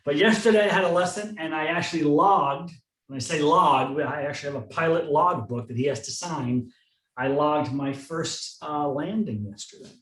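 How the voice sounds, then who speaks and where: A man's voice: on the high side, normal speed, fairly bright tone. A man co-hosting a podcast, telling stories in a dry, matter-of-fact conversational way. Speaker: podcast co-host. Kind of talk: casual conversational chat. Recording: roomy sound, distant from the mic.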